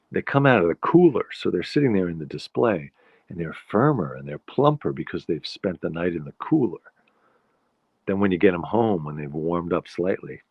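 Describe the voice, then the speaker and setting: A husky, low-voiced podcast host from the Bronx carries a solo monologue that rambles playfully and keeps drifting into digressions. It's recorded dry, with a dull lo-fi quality.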